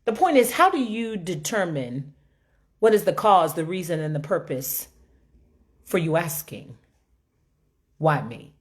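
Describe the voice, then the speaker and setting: A woman giving an informal sermon with dramatic swings from shouts to low, quiet lines and humorous asides. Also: big pitch swings, a little slow, long pauses. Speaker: preacher.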